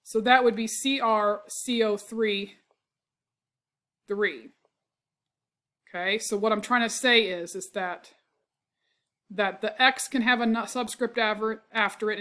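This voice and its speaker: In a recorded chemistry lecture, a congested woman keeps clearing her throat as she explains things step by step. She frequently checks in with "right?" and fixes her own slips, speaking in a mid-range, fairly bright voice.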